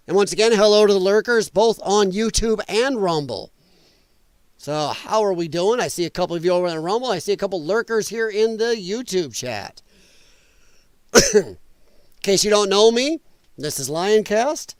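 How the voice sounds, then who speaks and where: A middle-aged man runs a casual livestream from his basement, talking bluntly and rambling between remarks. His voice sits high for a man and keeps cracking with strain. The sound is dry and close, with no room echo. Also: animated, moderate pace, pauses often, smooth. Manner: blunt, rambling, greets chat viewers by name. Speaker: livestream host. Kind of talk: casual political livestream chat. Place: home basement.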